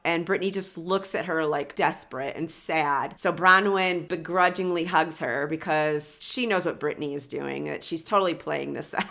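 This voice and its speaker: A woman recaps reality TV drama in a gossipy, sarcastic way, slipping in laughing asides. Her voice sits low but rings bright and forceful. The feel is a casual, opinionated commentary vlog. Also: normal speed, creaky, few pauses.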